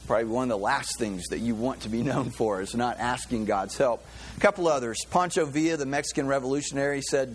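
A pastor giving a sermon in a loose, conversational way, with many fillers and restarts. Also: male voice, medium pitch, a little fast, a little hiss or hum. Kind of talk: sermon with a joke.

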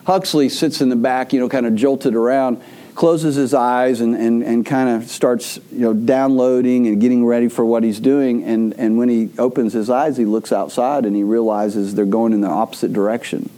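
A pastor with a warm, mellow voice preaches a sermon to his congregation. He tells stories loosely and conversationally, stumbling and restarting often as he goes. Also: mid-range voice, fairly even intonation, moderate pace. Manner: rambling storyteller with frequent restarts.

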